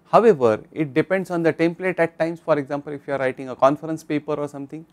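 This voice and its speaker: An Indian English-accented man teaches a recorded online course lesson. His voice sits a little high, and he speaks instructively, often turning to address the viewer directly. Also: fast talker, darkish tone. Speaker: lecturer.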